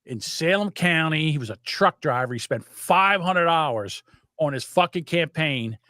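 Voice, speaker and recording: A man's voice: a little high, animated, moderate pace, bright, forceful tone, dry recording, studio quality. A man, co-hosting a podcast and telling stories in casual, profane political chat. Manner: swearing, emphatic storytelling. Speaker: podcast co-host.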